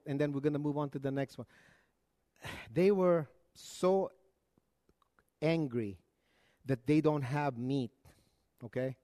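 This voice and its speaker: A man with a fairly high voice preaches to his congregation, swinging between loud emphatic lines and quiet, low asides. The sound is dry and close, with little room around it. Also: no echo. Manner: preaching with dramatic rises and drops, conversational asides. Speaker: pastor. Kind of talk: sermon.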